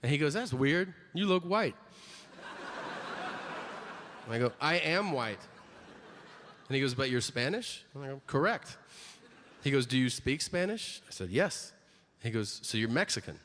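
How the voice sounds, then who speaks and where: A man's voice: medium pitch, very animated, normal speed. Man telling a stand-up story in a hall. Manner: storytelling, acting out voices with sudden loud outbursts. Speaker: stand-up comedian. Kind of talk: stand-up comedy set. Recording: live hall with long reverb and audience noise.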